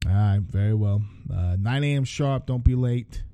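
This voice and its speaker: Man playing a calm firm boss, measured, commanding, very dark mellow voice, dry. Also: fairly low pitch, no echo, natural voice.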